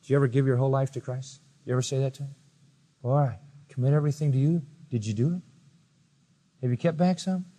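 A preacher delivering a sermon, firing rhetorical questions at listeners, swinging from loud high exclamations to quiet low asides. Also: male voice, fast talker, in a large hall. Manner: emphatic, rising to loud high-pitched exclamations then dropping quiet.

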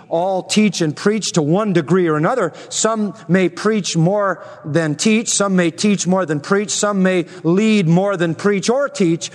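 A man preaching a sermon as a pastor, measured and emphatic, slowing down to stress key words. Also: high-pitched, in a large hall.

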